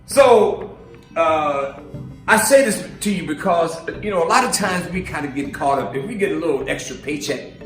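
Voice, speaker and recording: A man's voice: on the high side, animated, normal speed, distant mic, soft background music. Chatty preacher man, echoey room. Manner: chatty, laughing, acts out voices in his stories. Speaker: minister. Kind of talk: casual sermon with storytelling. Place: live stream from a roomy space.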